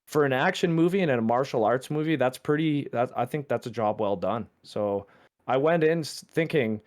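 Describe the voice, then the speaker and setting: A man co-hosting a casual podcast, sharing laid-back, profane opinions in a relaxed chat. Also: mid-range voice, normal speed. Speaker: podcast co-host.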